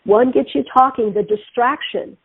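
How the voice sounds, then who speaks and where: A middle-aged woman hosting a spiritual radio talk show, telling stories in an animated way. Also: on the high side, normal speed, husky, no room sound. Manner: animated, acts out quoted voices. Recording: tinny phone-line sound, dry.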